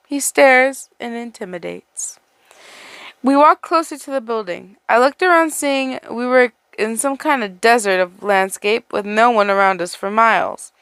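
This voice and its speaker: A woman's voice: fairly high pitch, a bit bright, no room sound. A woman reading a fan fiction story aloud, stumbling and restarting words as she goes and breaking off into chatty asides. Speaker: story reader.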